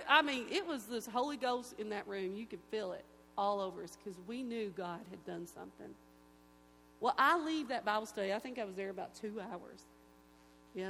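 Woman telling her testimony at church, acts out all the voices, long echo in the hall, bit of hum. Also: a little high. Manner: animated storyteller who acts out quoted voices. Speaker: guest giving a personal testimony. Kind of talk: emotional church testimony storytelling. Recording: echoey hall with faint hum.

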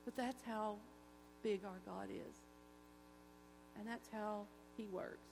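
A woman giving an emotional, folksy church testimony, telling stories with animated delivery. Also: mid-range voice, slow, gravelly, slight background noise. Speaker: testimony speaker.

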